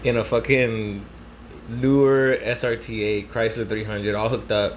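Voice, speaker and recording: A man's voice: fairly low pitch, little pitch movement, unhurried, a little hiss or hum. A young man from Southern California casually telling a story, rambling and swearing, slipping Spanish slang into his English.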